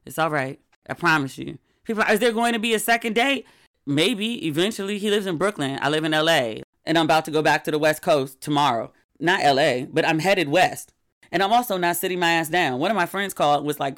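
A middle-aged woman hosting a podcast, chatting casually in a candid, wry, animated way. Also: deep voice, brisk. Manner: candid, wry and animated, with sudden quoted outbursts. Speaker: podcast host. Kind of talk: casual solo podcast chat.

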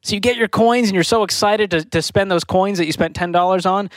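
A man co-hosting a call-in radio show, telling a lively story with jokes. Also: high voice, a little fast, dry recording. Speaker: radio co-host.

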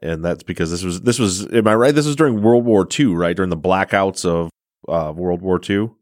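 A man hosts a podcast, chatting with his guest and leading into the topic. His voice sits fairly low and he restarts phrases as he speaks. The recording is dry and close. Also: fairly quick, a little mellow, dry recording. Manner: friendly, asks questions with hesitant restarts. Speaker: podcast host. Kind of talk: interview chat.

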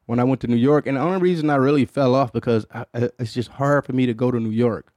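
A man's voice: medium pitch, quick pace, a little mellow, dry recording, clean studio sound. Profane, loose-talking man hosting a podcast. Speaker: podcast host. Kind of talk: casual chat.

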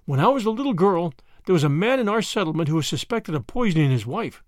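A man's voice: fast, no echo, clean studio sound. A man voicing a fussy, anxious old grandmother. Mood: wistful. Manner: high, quavering, excitable.

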